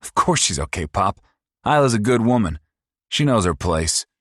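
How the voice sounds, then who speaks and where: A man voicing a sneering, cruel young man who taunts and mocks, speaking higher and louder than his own narration. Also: very animated, moderate pace, dry recording, clean studio sound. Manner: taunting, mocking.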